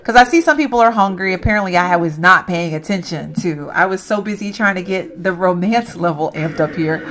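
A woman commenting casually on her gameplay, chatty and reacting loudly to what happens, often calling out to viewers. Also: lowish voice, expressive, fairly quick, few pauses. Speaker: gaming channel host.

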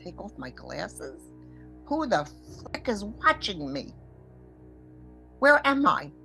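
Brief: older woman, mid-range voice, dramatic first-person storyteller who acts out quotes; soft music bed. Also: medium pitch, sing-song, slow pace, vocal fry. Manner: vivid, acts out quoted voices, shifts between hushed and loud. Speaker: scam victim telling her story.

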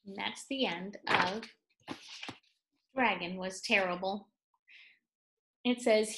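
A woman's voice: medium pitch, slow, long pauses, a bit bright. Woman reading a picture book to kids. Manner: explains words, adds playful asides. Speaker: read-aloud storyteller for children. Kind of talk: children's picture book read-aloud.

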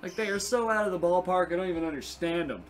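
A young man giving casual, excitable gameplay commentary, swearing and chatting to the game's creatures. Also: high-pitched, fast, soft background music. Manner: excitable, profane, talks to game creatures. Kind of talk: casual let's play commentary.

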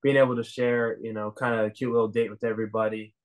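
A man's voice: on the low side, flat delivery, quick pace. A young man in a casual interview, telling stories enthusiastically with many "you know"s. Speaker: reality show winner, interviewee.

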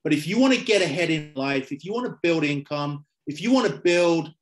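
A middle-aged man with a London accent presents over a video call, upbeat and salesy, leaning on quick checks like "okay?" to keep listeners with him. His voice sits a little high for a man. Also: animated. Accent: London English. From London, England.

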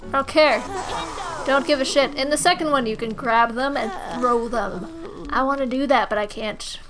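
She's a tipsy young woman hosting a gaming let's-play, speaking at normal speed in a high voice. Game music plays behind her brash, foul-mouthed commentary.

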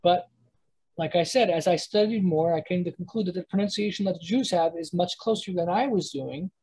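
A woman's voice: lowish voice, a little fast, dark tone, slightly rough, low-quality recording. A woman teaching a Hebrew pronunciation lesson to a live class, thinking aloud with many restarts and self-corrections as she sounds out words. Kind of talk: live class lecture with students.

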